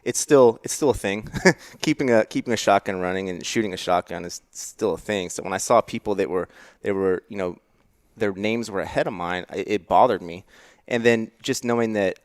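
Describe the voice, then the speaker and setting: A man's voice: lowish voice, moderate pace, dry recording, studio quality. A man chatting casually on a podcast, telling a rambling story with frequent restarts. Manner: rambling, self-correcting storyteller. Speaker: podcast guest. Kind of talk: casual chat.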